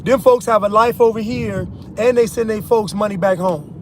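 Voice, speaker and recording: A man's voice: high voice, normal speed, a little hiss or hum. An American man giving an opinion monologue to his viewers from inside a car while driving, emphatic, repeating his points and calling his audience "y'all". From United States. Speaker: vlogger.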